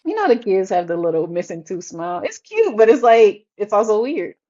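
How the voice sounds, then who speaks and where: Animated woman telling a family story. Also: mid-range voice, brisk. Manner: chatty storyteller, laughs often, acts out quotes. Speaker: podcast co-host, mother. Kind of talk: casual podcast chat. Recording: dull lo-fi recording.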